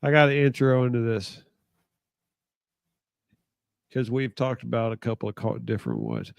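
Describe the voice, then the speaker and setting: A man's voice: medium pitch, huge pitch swings, fast, creaky, clean tone, no room sound. A man co-hosting a casual podcast, making offhand jokes. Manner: joking, offhand. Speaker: podcast co-host. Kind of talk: casual chat. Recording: dry, dull lo-fi sound.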